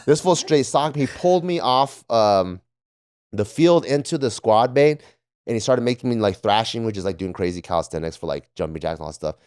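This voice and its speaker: Deep-voiced man telling profane stories. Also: animated, fairly quick, a little mellow, clear, resonant tone. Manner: profane, laughing, acts out drill instructors. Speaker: podcast panelist, former Marine. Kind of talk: casual storytelling.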